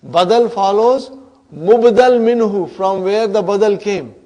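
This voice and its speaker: Man teaching grammar in a classroom, fairly high voice, takes it slow, keeps checking the class follows. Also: warm tone. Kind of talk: classroom lecture.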